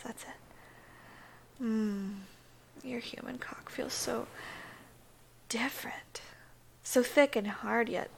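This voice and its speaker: Woman doing a teasing mermaid, whispered role-play, slow and breathy with lots of vocal fry. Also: medium pitch, a bit bright. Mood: sultry. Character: seductive teasing female angler mermaid.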